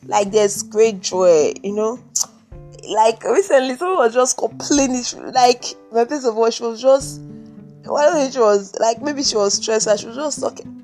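A woman's voice: fairly high pitch, moderate pace, darkish tone, soft background music. A young woman with a Nigerian accent hosting her own podcast, talking in a rambling, chatty way full of "like", just after waking up. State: just woken up. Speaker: podcast host. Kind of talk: casual solo podcast monologue.

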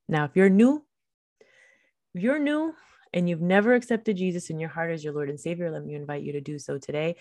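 A woman's voice: on the low side, fairly quick, darkish tone, no room sound. A woman hosting a faith podcast, preaching in a fervent, emphatic, conversational way.

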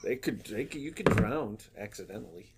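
A man's voice: fairly low pitch, lively intonation, moderate pace, vocal fry, very noisy. A man co-hosting a casual podcast chat, rambling, swearing freely and laughing often. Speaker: podcast co-host.

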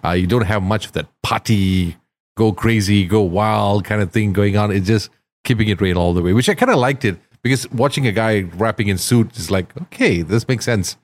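A man's voice: lowish voice, fairly quick. A man hosting a podcast, chatting loosely and jokingly with slang. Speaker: podcast host. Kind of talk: casual interview chat.

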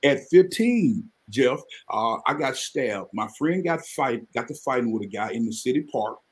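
A man, telling his life story as a guest on a live podcast, earnest and animated. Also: mid-range voice, moderate pace. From Mississippi, US. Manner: earnest, animated storytelling with sudden excited rises.

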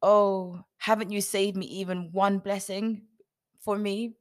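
A woman voicing a desperate grown man, a firstborn son pleading loudly in a raised voice. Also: animated, takes it slowly, creaky, slightly rough, full character voice. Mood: indignant. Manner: loud, pleading, pitched up.

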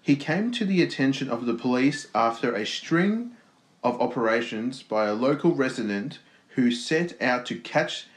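A man co-hosting a podcast, reading a news story aloud in a casual, joking way with stumbles and asides. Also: mid-range voice. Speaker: podcast co-host. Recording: echoey room.

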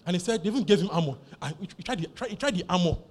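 A man preaching a sermon, animated and emphatic, repeating key phrases over and over. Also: sits high, very fast, a little hiss or hum. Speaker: pastor.

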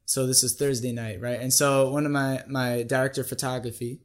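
A man's voice: mid-range voice, flat delivery, brisk. A man in his twenties, a guest on a podcast, telling a story in a casual, chatty way and often checking in with "right?". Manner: chatty, keeps adding "right?".

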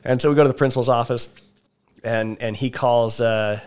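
A man's voice: mid-range voice, moderate pace, clear, resonant tone. A man from Mississippi, hosting a podcast and telling laughing stories in casual chat. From Mississippi, USA. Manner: animated storyteller, laughs often. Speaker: podcast host.

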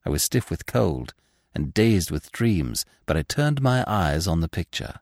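Slow, gravelly male storyteller. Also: deep voice, big pitch swings, a little mellow, no echo, clean studio sound. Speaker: narrator. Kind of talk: dramatic audiobook narration.

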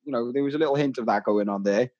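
A man's voice: mid-range voice, rapid-fire, darkish tone, dull audio. Chatty, teasing male podcast co-host. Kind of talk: casual chat.

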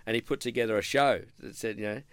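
A man's voice: medium pitch, steady tone, quick pace, smooth, dry recording. Chatty middle-aged man, dry sound. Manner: chatty, rambling storyteller who acts out quoted dialogue. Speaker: podcast guest. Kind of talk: casual storytelling interview.

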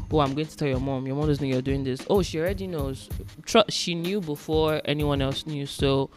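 A young woman from Nigeria, a guest in a casual chat, telling stories animatedly and acting out her parents' voices. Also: low voice.

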